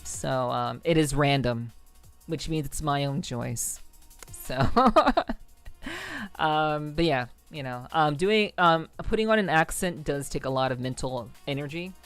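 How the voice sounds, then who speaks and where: Smooth-voiced rambling young woman streamer. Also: sits low, animated, takes it slowly, soft background music. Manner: rambling, frequent restarts. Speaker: live streamer. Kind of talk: casual chat with viewers.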